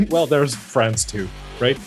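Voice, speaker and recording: Easygoing man, slightly high voice. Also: sing-song, extremely slow, soft background music. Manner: easygoing, laughs often. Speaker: podcast co-host. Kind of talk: casual podcast chat.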